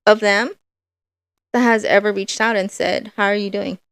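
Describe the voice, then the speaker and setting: A woman co-hosting a podcast in casual chat, speaking in a hesitant, halting way. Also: medium pitch, fairly even intonation, a bit bright. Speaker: podcast co-host.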